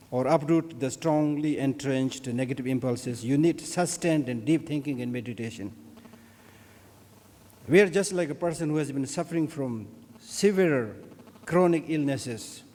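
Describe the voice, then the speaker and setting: A man, a Buddhist scholar, giving a formal opening address at a conference, earnest and measured. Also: fairly high pitch, a little mellow. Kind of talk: formal ceremonial speech. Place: conference hall. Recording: long reverb of a large hall.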